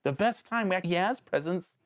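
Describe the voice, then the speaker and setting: Man, casual show host, jokey, rambling, lively up-and-down pitch. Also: normal speed. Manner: animated and jokey, with sudden pitch jumps; rambling, self-interrupting. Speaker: host of a villain-ranking show. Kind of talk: casual video commentary.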